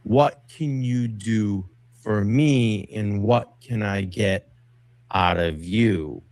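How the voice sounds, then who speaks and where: A man in a played stream clip, talking slowly and deliberately in a lecturing tone. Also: on the low side, a little mellow, no room sound. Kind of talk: slow stream monologue.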